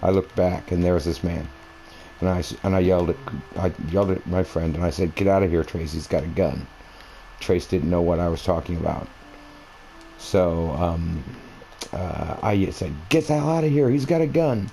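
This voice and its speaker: A man's voice: sits low, steady tone, moderate pace, gravelly, mellow, slight background noise, low-quality recording. A man recording a gaming video, rambling through a personal story in a meandering, conversational way while he plays at home. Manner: meandering, conversational, many fillers and restarts. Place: at home, playing a console game.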